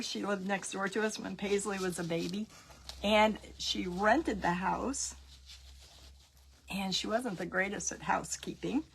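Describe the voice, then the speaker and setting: A woman's voice: mid-range voice, vocal fry, fairly bright tone, slight background noise. A middle-aged woman telling casual stories while she paints, chatty and laughing at her own pranks. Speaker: crafting tutorial host.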